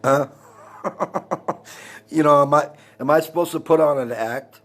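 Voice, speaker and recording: A man's voice: a little high, unhurried, fairly bright tone. A man in his forties from Texas, hosting a heated, profane rant on his live stream. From El Paso, Texas. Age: 40s. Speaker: livestream host.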